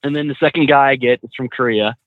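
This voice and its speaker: A man's voice: mid-range voice, fast talker, no room sound. A man, a truck driver and trainer, telling road stories casually with lots of laughs and restarts. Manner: animated anecdotes with frequent laughs and restarts. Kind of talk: casual storytelling interview. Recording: dry tinny phone-like line.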